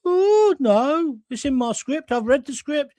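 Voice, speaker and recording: A man putting on a shrill old cleaning lady. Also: expressive, unhurried, darkish tone, dry recording. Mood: indignant. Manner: high shrill protesting voice. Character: old Brummie cleaning lady, stubborn and indignant.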